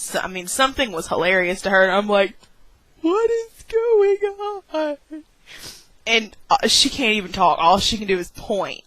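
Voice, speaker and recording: A young woman vlogger telling a dramatic story with many "like"s and squeaky acted-out exclamations. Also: fairly bright tone, dry recording, rough recording. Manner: heavy use of "like". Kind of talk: animated storytelling vlog.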